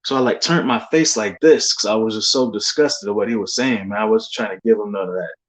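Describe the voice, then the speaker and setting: A man's voice: fairly low pitch, fairly quick. A young man in a loose, rambling monologue full of slang and fillers, recounting religious dreams. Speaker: believer sharing dreams. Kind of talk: casual testimony monologue.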